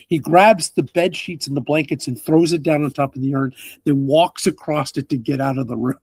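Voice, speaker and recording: A man's voice: on the high side, steady tone, moderate pace, a little mellow, slightly rough, dry recording. A man running a tabletop game as game master, narrating in a rambling, good-humored way.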